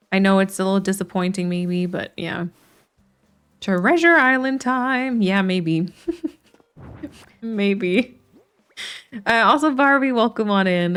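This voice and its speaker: A woman's voice: medium pitch, clear, resonant tone. Chatty woman streamer thinking aloud. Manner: chatty, thinks aloud with frequent restarts and light laughs. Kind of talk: casual live-stream chat while playing a game.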